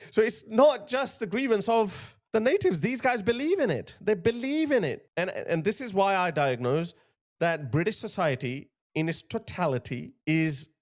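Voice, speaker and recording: A man's voice: high voice, big pitch swings, moderate pace. A male commentator giving emphatic, indignant opinion commentary on a video he plays. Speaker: political commentator.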